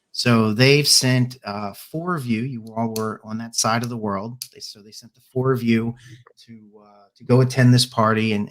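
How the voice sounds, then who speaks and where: A man narrating as game master for a tabletop spy adventure, his voice at an ordinary middle pitch. He talks in halting bursts full of fillers, restarts and repeated words. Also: a bit bright.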